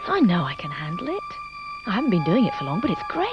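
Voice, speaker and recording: A man's voice: high voice, huge pitch swings, quick pace, over a noisy crowd. A man voicing a young woman nurse in denial in a parody advert, breezy and self-reassuring, over a lo-fi music bed. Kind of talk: parody public service advert.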